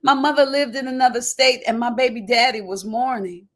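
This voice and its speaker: A woman reading aloud from her own memoir, emotional and expressive, shifting from hushed to loud and talking to listeners in folksy asides. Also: a little high, a little fast. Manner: emotional, dramatic swings from quiet to loud.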